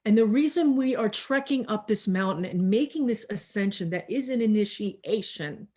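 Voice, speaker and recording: A woman minister preaching slowly and reflectively over a video call, pausing and restarting often, tired as she speaks. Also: medium pitch, lively intonation, dark tone. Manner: slow, reflective, with many restarts and pauses.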